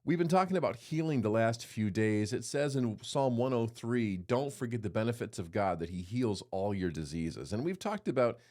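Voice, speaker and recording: A man's voice: lowish voice, lively intonation, moderate pace, few pauses, darkish tone. A man in his forties hosting a daily devotional, reading scripture and telling a folksy personal story, voicing the people he quotes.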